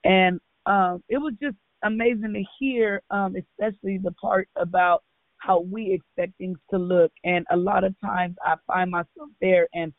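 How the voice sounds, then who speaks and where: Male caller; high-pitched, grateful and polite, tinny phone line. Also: steady tone, normal speed, dry recording. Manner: grateful and polite, with many fillers. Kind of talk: casual prayer-line chat.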